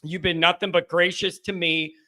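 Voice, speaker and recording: A man hosting a live postgame fan call-in stream, talking emotionally and excitably and sometimes shouting. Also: sits high, normal speed. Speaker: host of a fan call-in show.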